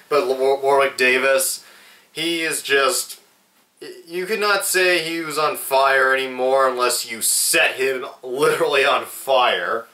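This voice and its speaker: A man's voice: mid-range voice, pushed and bright. A young adult man reviewing a movie in a casual vlog. He rambles, swears a lot and often restarts his sentences. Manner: slow, rambling and profane, with lots of restarts. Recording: echoey room, mic at a distance.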